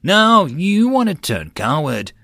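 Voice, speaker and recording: A man voicing a gruff male squad corporal who growls commands at his soldiers. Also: a little high, lively intonation, moderate pace, voice pushed up, close to an everyday voice. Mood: stern.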